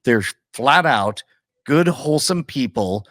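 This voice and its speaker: A man co-hosting a podcast, reflecting casually and haltingly on an old sitcom. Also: medium pitch, lively intonation, a bit bright, no echo, studio quality. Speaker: podcast co-host. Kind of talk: casual chat about a TV episode.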